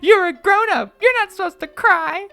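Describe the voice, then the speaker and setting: A man doing a shrill bratty little girl. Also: expressive, moderate pace, pushed and bright, faint music behind, exaggerated voice. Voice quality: shrill squeaky falsetto. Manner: scolding, bossy.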